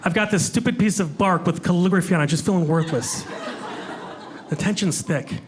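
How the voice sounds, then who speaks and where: A stand-up comedian with a high voice talks at a normal speed, bantering with the crowd and poking fun at himself. The set takes place on a comedy club stage with a live audience, and the room's crowd ambience is audible.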